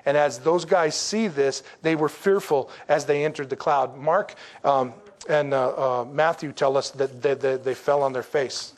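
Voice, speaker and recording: A man preaching a sermon in a conversational, folksy way, with rhetorical questions and slow, emphatic declarations. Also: medium pitch. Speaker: pastor.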